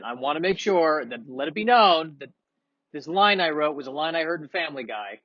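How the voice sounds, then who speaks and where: A man's voice: on the high side, lively intonation, fairly quick, dry recording, dull audio. A man doing a casual, rambling, self-deprecating monologue, with sniffles and frequent restarts. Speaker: comedian vlogger.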